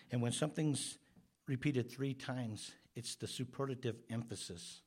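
A man's voice: mid-range voice, normal speed, husky. Earnest male pastor preaching. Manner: earnest, emphatic preaching that swells louder on key words. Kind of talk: sermon.

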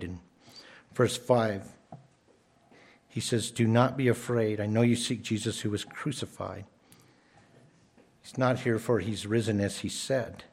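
A man's voice: on the low side, darkish tone, slightly rough. A man preaching a sermon as pastor, emphatic and often repeating his first words as he starts a phrase.

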